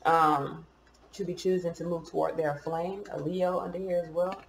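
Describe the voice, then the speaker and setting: A woman's voice: fairly low pitch, fairly even intonation, moderate pace, gravelly, echoey room, a little hiss or hum, rough recording. A woman giving a casual tarot reading, chatty and informal, cursing now and then. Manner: chatty, swears and laughs at herself. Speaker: tarot reader.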